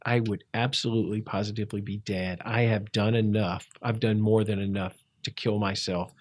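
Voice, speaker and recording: A man telling his life story in a conversational interview, reflective and halting, with frequent restarts. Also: on the low side, fairly even intonation. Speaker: interview guest.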